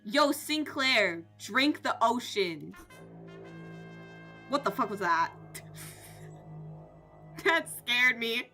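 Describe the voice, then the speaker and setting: A young woman streaming a game, reading its text aloud and reacting in an excitable, joking way, swearing and shouting at times. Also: a little high, extremely slow, long pauses, faint music behind.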